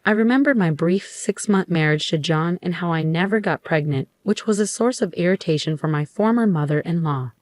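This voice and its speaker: A woman narrates a first-person story in a steady, measured read. Her voice sits a little low, and the sound is dry and close with no room around it. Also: dry recording.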